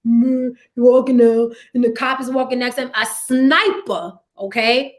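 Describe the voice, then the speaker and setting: A woman hosting a casual live movie review, talking in an animated way and acting out quoted voices. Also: fairly high pitch, moderate pace. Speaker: host.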